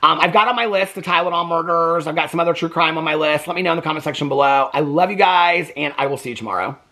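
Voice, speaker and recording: A man casually recapping a reality TV episode for his vlog, chatty and animated, acting out the quoted lines as he goes. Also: on the high side, quick pace. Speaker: TV reaction vlogger.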